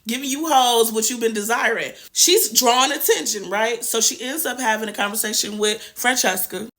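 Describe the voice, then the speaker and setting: A young woman hosts a TV review show, recapping an episode in loose, slangy chat. Her delivery is animated and full of sassy asides. Her voice has a bright, sharp edge. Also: on the high side, normal speed. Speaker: TV review host.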